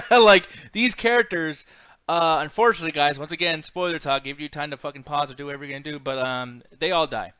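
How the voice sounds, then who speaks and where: A man co-hosting a casual chat show, with a bright, fairly high voice. He talks excitably, swears a lot and acts out lines from scenes. His voice sounds dry and close to the mic. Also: fairly quick, smooth, no echo. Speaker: podcast co-host.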